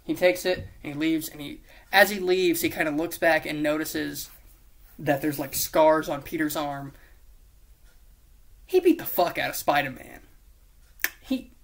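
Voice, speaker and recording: A man rambling casually through a movie pitch, swearing freely and mocking himself as he goes. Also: fairly even intonation, unhurried, gravelly. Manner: profane, rambling, self-mocking, with silly put-on voices. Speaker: YouTuber pitching a movie idea.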